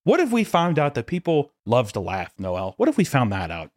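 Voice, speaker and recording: A man's voice: medium pitch, wildly swooping pitch, a little fast, a little mellow, no room sound, studio quality. A young man co-hosting a podcast in casual, sarcastic banter, often repeating his words as he talks over a remote call. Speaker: podcast co-host. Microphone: remote call mic.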